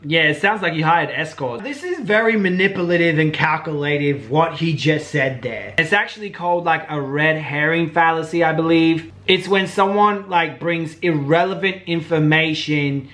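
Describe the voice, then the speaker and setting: A man's voice: fairly high pitch, moderate pace, few pauses, fairly bright tone. A man hosting a commentary channel, talking bluntly and casually. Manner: blunt, casual, says "bro" and "like".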